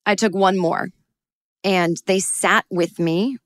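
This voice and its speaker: A middle-aged woman telling a personal story in a lively way, acting out her own frantic voice in sudden high bursts. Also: unhurried, no room sound, studio quality.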